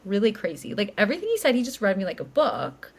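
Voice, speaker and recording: Her voice sits in the mid-range, slightly rough, with pitch that swoops wildly as she talks quickly. This late-twenties podcast co-host tells a story chattily and loosely, a self-described yapper leaning heavily on likes and ums.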